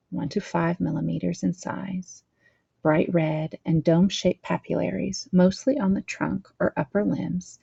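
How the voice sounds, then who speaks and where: Reading from slides during a training lesson, this instructor has a slight lisp and often stumbles over terms before correcting herself and explaining in plain words. She has a lowish, gravelly, mellow voice with a breathy edge, captured in lo-fi sound without echo.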